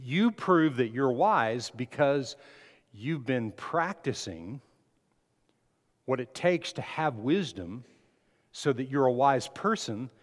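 A man preaching a sermon, asking the congregation questions and building emphasis as he speaks. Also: mid-range voice. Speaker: pastor. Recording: long hall reverb.

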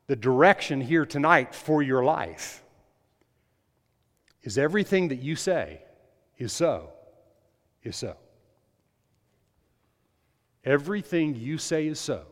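A pastor preaching a sermon, emphatic and repetitive, building up in volume on key lines and dropping to quiet asides. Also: male voice, a little high, very animated, takes it slowly, pauses often. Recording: long hall reverb.

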